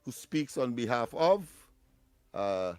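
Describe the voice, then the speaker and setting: A man's voice: medium pitch, big pitch swings, slow pace, darkish tone, smooth. A man with a Trinidadian accent co-hosting a casual radio talk show, playful and laughing often, repeating himself as he talks.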